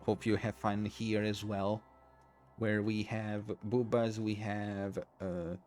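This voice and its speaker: A man with a fairly low voice hosts a late-night game stream, rambling to chat and giggling through his apologies. He sounds tired and drained, yet keeps the talk going. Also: little pitch movement, takes it slowly, darkish tone, soft background music. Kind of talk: casual live-stream chat.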